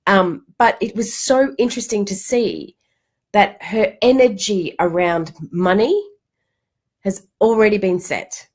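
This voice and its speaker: A woman's voice: medium pitch, normal speed. A middle-aged woman giving a casual livestream talk as a money coach, telling stories animatedly and swearing now and then. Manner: animated storytelling, acts out quotes, casual swearing.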